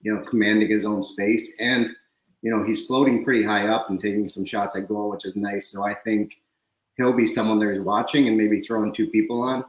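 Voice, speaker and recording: A man giving a casual match preview, measured and heavy on fillers. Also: on the low side, flat delivery, reverberant, poor audio. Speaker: podcast guest.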